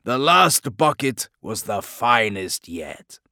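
A man's voice: mid-range voice, animated, takes it slowly, fairly bright tone, no room sound, studio quality. A man voicing an arrogant, defiant imprisoned warrior who talks in grand, mocking declamations. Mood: sardonic mocking. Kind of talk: audiobook character voice.

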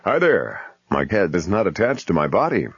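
A man voicing an eager man in a virtual park, in a blunt, deadpan comic voice. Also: deep voice, normal speed, breathy edge, no room sound, full character voice. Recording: muffled lo-fi recording.

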